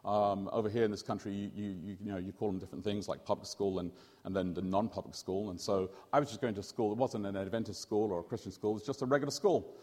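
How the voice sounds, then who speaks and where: A man, a pastor telling a story in a sermon, animated and joking with his congregation. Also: on the low side, quick pace, big-room sound. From England. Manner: animated, jokey, quizzes the audience.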